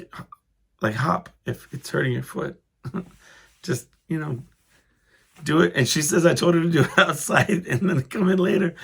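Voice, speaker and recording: A man's voice: a little high, gravelly, fairly bright tone. A man hosting his own podcast, telling a rambling story in a casual, self-interrupting way and chuckling as he goes. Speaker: podcast host.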